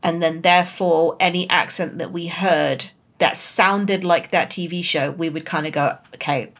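A woman's voice: lowish voice, steady tone, normal speed, fairly bright tone. A woman from outside the USA co-hosting a book podcast, chatty and self-deprecating, laughing often. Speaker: podcast co-host. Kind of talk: casual book-discussion chat.

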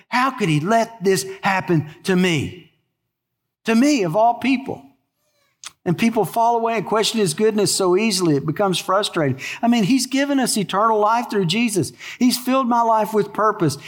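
An older man preaching a sermon in a folksy, animated way, full of stories and rhetorical questions. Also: high voice. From American South. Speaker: pastor.

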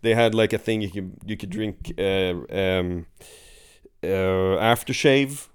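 A man chatting casually, telling rambling stories with many pauses and fillers. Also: sits low, clean tone. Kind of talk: casual chat.

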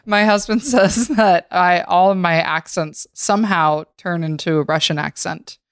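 A woman chatting on a podcast, rambling and poking fun at herself. Her voice sits on the low side for a woman. The recording is dry and close. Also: a little slow, smooth, dry recording. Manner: self-deprecating, rambling. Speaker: podcast co-host. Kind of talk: casual chat.

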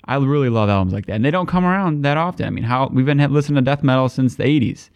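A man's voice: mid-range voice, very fast, smooth, no room sound. A man co-hosting a podcast, chatting casually and enthusiastically about albums, swearing now and then. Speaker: podcast co-host.

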